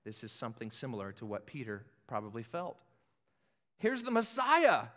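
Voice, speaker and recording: Animated male pastor, lively church sermon. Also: high voice, moderate pace. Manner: animated, acts out scripture scenes, conversational. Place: church sanctuary with balcony. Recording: echoey church hall.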